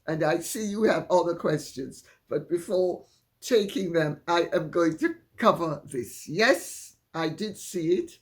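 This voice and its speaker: Slow, measured Jamaican-accented woman. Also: fairly low pitch. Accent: Jamaican, Upper Saint Andrew. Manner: deliberate, measured, drawn-out phrasing with frequent laughs. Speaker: channel host answering viewer questions. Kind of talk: casual solo talk to camera.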